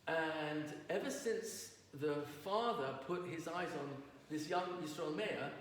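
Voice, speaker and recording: Rabbi lecturing a class, fairly high voice, heard from across a very echoey hall. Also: male voice. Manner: storytelling, asks the audience questions. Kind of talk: Torah lecture to an audience. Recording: roomy distant recording with faint noise.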